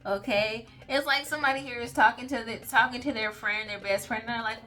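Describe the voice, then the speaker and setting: A woman with a higher-pitched, sharp-toned voice talks quickly with few pauses, chatting and rambling through a casual channeled reading to camera. She's an intuitive reader who keeps tagging her lines with "okay?" and "like".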